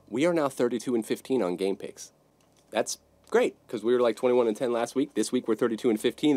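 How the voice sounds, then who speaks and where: Brash, profane man ranting with a low voice. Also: no room sound. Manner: swings between loud outbursts and low asides. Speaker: sports podcast host. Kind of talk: casual sports podcast rant.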